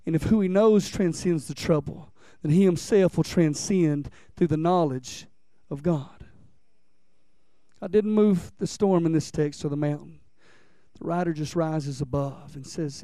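A man's voice: on the high side, a little slow, mellow. A man preaches with fervor, stacking repeated phrases and leading the congregation in call-and-response. The sound is dry and close, with no room echo. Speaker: pastor. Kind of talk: sermon.

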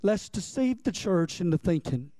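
High-voiced man preaching. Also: lively intonation, moderate pace, dark tone, no room sound. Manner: conversational preaching, repeats lines for emphasis, asks the congregation questions. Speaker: pastor. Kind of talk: sermon.

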